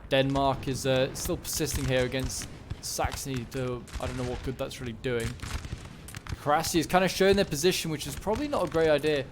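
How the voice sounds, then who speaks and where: A man's voice: medium pitch, brisk, background noise. A man casually commentating a video game battle, musing aloud with lots of fillers and self-corrections. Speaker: gaming commentator. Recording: loud gunfire from game audio under voice. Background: game battle sounds, gunshots.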